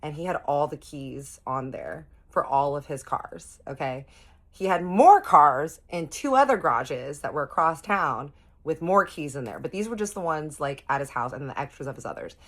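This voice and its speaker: Young woman w a really deep voice telling a storytime, swears a lot, talks right to y'all. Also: moderate pace. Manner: animated, profane, talks straight to viewers. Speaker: vlogger. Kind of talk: casual storytime.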